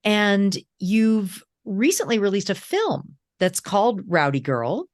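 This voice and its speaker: A woman hosts an interview, speaking at a very slow, encouraging pace. Her voice is on the low side but moves a lot in pitch, and it sounds dry and close to the mic. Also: very animated, no echo. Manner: slow, encouraging, laughs along. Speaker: interview host. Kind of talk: interview, listening and prompting.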